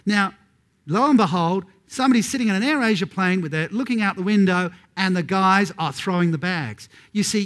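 A middle-aged man giving a conference keynote, telling stories and putting questions to the audience. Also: sits high. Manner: storytelling, addresses the audience with questions. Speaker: keynote speaker. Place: large conference hall.

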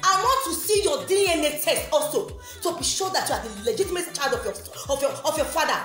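A woman's voice: high-pitched, lively intonation, brisk, hardly any pauses, a bit bright. A Nigerian woman and mother in a heated, repetitive, confrontational rant. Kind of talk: angry direct-address rant. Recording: roomy echo with faint music.

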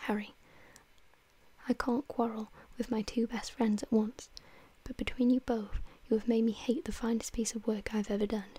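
A woman's voice: fairly high pitch, level tone, moderate pace, warm tone, slightly rough. A woman whispering the part of an earnest, devoted male painter in a whispered role-play reading.

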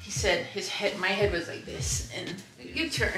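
A woman's voice: mid-range voice, level tone, moderate pace, reverberant, music in the background. A talkative young woman from Hawaii, chatting casually with her husband on camera and laughing often. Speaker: vlogger answering couple questions. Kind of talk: casual chat.

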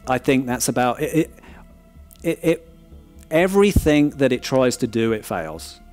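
A man's voice: medium pitch, lively intonation, a little slow, darkish tone, soft background music. Frank man reviewing a disc. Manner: frank, repeats "right?" often, restarts words. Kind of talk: casual critical review.

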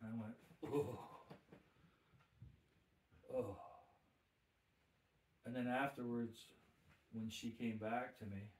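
A man's voice: mid-range voice, fairly even intonation, slow, long pauses, echoey room. A man, a minister, telling his testimony with emphatic, preacher-like repetition. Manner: emphatic preacher, repeats phrases with rising force. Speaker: guest minister. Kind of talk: testimony storytelling.

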